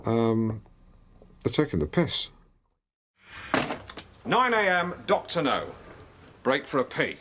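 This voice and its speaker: A man's voice: mid-range voice, huge pitch swings, slow, pauses often, background noise. An actor playing a pompous, awkward middle-aged local radio host who fumbles, restarts and corrects himself as he chats on air. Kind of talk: comedy radio show banter.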